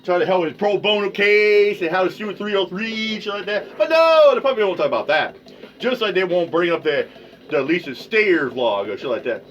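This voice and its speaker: A man hosting his own podcast, ranting casually in a rambling, profane way that swings between mutters and loud outbursts. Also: sits high, animated, normal speed. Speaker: podcast host. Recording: dull lo-fi sound with faint music.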